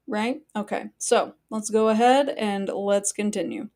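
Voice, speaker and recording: A woman with a mid-range, slightly mellow voice speaks a little slowly as she hosts a live stream. She chats bluntly and casually with her viewers, addressing the chat directly, swearing freely, and drifting into asides filled with fillers.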